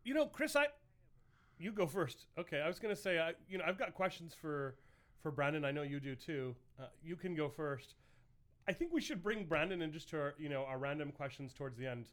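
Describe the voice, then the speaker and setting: Higher-voiced man joking around. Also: expressive, fairly quick, a bit bright. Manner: joking, loose and rambling. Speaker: podcast co-host. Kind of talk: casual chat.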